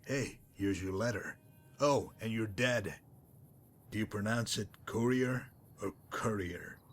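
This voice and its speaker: A man voicing a smug, sardonic male messenger-mercenary in a game, dry and mocking in manner, wordy and unhurried. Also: lowish voice, fairly bright tone. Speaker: game character. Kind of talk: voiced game dialogue.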